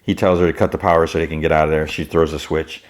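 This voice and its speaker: A man's voice: very deep voice, level tone, fast talker. A man hosting a podcast, casually retelling a TV episode in a rambling way full of "like". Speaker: podcast host.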